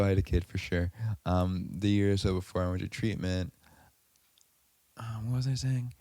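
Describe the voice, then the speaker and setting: A man's voice: sits low, warm tone, dry recording. A man hosting a podcast, telling a personal story in a rambling way, full of fillers and self-corrections. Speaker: podcast host.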